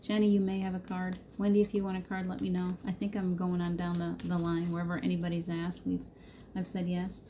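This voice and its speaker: A middle-aged woman with a lowish, mellow voice leads a live spiritual card reading. She talks in a soothing, reassuring way, laughs easily and greets her viewers by name. A faint hiss sits under her voice. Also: monotone, a little fast. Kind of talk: gentle encouraging spiritual talk to live viewers.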